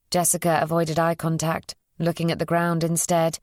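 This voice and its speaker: A woman reading a psychological thriller as an audiobook narrator, in an even, measured storytelling voice. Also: low-pitched, no echo, studio quality.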